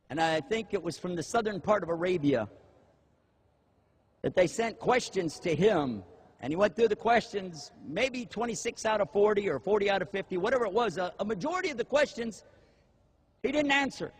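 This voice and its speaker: Husky, high-voiced male preacher. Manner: animated storytelling, acting out quotes. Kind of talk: sermon-style talk.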